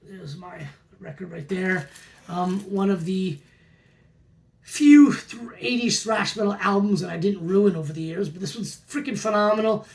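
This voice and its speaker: Vlog host, forties, gravelly voice of middling pitch, keen and chatty. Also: normal speed, a little mellow. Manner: enthusiastic, repeats praise words. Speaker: metal record collector host. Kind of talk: casual album review vlog.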